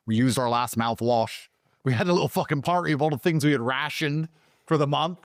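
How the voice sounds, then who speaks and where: Speaking a little fast, a man from Britain recounts a story as an interview guest, heated and full of swearing, with sudden high, excited outbursts. The studio-quality sound has no echo at all.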